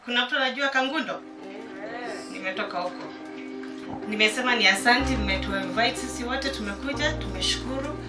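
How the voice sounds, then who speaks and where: A woman's voice: fairly high pitch, fairly quick, reverberant, far from the mic, music in the background. A woman from Kenya exhorting schoolchildren to study hard and asking them questions. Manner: exhorting, asks the children questions. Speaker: guest speaker. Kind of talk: Swahili speech to pupils.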